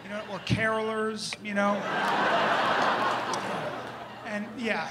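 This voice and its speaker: Rambling stand-up comedian, high voice. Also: male voice, flat delivery, moderate pace, a loud crowd, heavy background noise. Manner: loose, rambling with frequent "okay?" and "you know".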